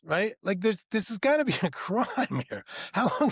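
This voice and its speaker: A man telling a story on a podcast in a slightly high voice. He jumps between speakers, acting out each side of the talk with lively shifts. The sound is close and dry, with no room echo. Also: a little fast, hardly any pauses. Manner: animated, acts out both sides of conversations; rambling, repeats "right?" and "I go". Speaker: podcast co-host. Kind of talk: casual storytelling.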